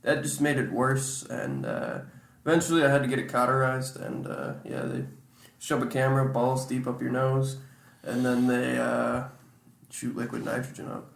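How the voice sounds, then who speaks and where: A man's voice: mid-range voice, lively intonation, normal speed, creaky, echoey room. A man from upstate New York co-hosting a podcast, telling stories in a laid-back, profane way with lots of fillers. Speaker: podcast co-host. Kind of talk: casual chat, storytelling.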